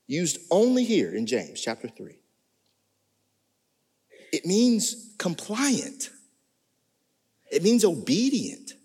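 Man, pastor, lively sermon, long church-hall reverb. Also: husky. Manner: animated preaching with sudden pitch jumps. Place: church sanctuary.

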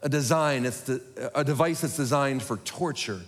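A man preaching a sermon to his congregation, talking quickly with self-deprecating humor. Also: mid-range voice. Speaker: pastor. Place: church sanctuary. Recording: echoey hall.

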